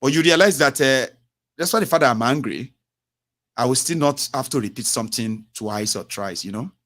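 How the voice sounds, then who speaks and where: A middle-aged man hosts a call-in show from his own studio. He talks at length and circles back over the same points, dropping "eh?" and "you know" as he goes. His voice sits at an ordinary male pitch. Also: moderate pace, a bit bright. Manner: expansive, repeats himself, tags lines with "eh?" and "you know". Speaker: radio call-in host. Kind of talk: radio call-in talk. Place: home radio studio.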